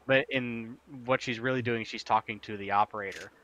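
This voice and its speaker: A man's voice: mid-range voice, fairly even intonation, fairly quick, a bit bright. A man co-hosting a casual stream, rambling through game news with lots of fillers and casual swearing. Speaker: stream co-host.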